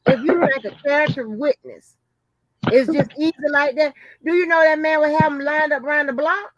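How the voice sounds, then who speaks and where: An outspoken woman hosts a casual commentary chat and laughs often. Her voice sits a touch high. The recording is dry and close. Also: moderate pace, dry recording, muffled recording. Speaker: host.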